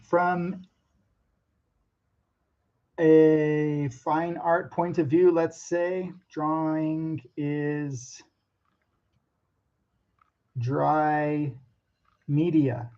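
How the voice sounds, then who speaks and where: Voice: medium pitch, flat delivery, very slow, pauses often, dark tone, lo-fi sound. An artist talking casually to camera about drawing, hesitant and nervous, with many ums and restarts and some self-mocking asides.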